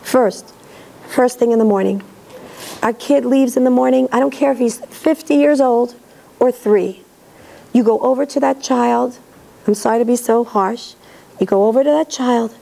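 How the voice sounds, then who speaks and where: A middle-aged woman lecturing in a synagogue, talking directly and lively and acting out parents' voices. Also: a little high, normal speed, vocal fry, rough recording.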